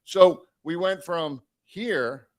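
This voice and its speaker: A man casually telling a long road story on a live stream, animated and swearing, acting out the people he quotes. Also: on the high side, very slow.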